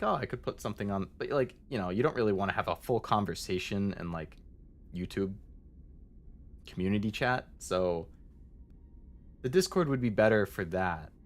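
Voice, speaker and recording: Low-voiced man chatting on stream. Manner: rambling, many fillers, answers chat. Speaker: VTuber streamer. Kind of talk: casual livestream chat.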